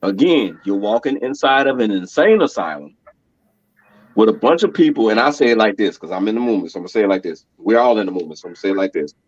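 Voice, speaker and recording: Male guest, mid-pitched, animated storyteller; muffled, dry recording. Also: fast, dry recording. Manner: animated, laughing storyteller who acts out quotes. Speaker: podcast guest. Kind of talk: casual conversation. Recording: dull, dry lo-fi sound.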